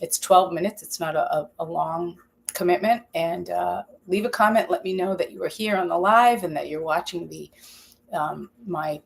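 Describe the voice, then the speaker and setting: A woman's voice: fairly low pitch, moderate pace, creaky. A woman hosting a live cooking stream from her home kitchen, chatting casually, rambling and reading viewer comments aloud. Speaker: cooking channel host.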